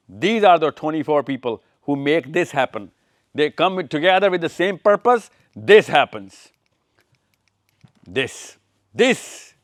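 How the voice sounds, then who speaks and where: A man's voice: mid-range voice, no echo, studio quality. A man giving a live lecture with slides, repeating phrases and calling on listeners by name. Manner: pointing through slides, quizzing the room. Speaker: touring speaker. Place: event room with audience.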